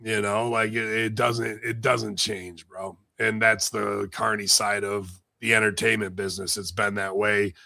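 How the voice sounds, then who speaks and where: A man's voice: lowish voice, flat delivery, unhurried, gravelly, few pauses, sharp tone, no room sound. A man co-hosting a podcast, talking in blunt, profane, rambling casual commentary. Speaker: podcast co-host.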